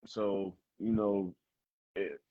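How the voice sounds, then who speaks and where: A man's voice: sits low, extremely slow, no echo, phone-quality sound. A young man from South Carolina, a college football player talking casually as an interview guest, rambling with lots of "you know" and "like". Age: young adult. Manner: relaxed, rambling, full of fillers like "you know" and "like".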